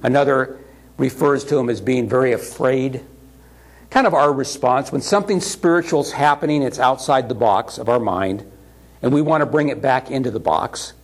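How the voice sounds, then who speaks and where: A man delivers a sermon with a husky, breathy voice. He preaches in a conversational way and slips into the voices he quotes. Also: medium pitch, normal speed. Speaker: pastor.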